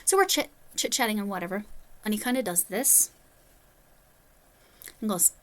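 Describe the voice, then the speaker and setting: A woman's voice: mid-range voice, lively intonation, moderate pace, a bit bright. A woman vlogging about crochet, telling a story in a chatty way with rambling, self-deprecating asides. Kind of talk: casual storytelling.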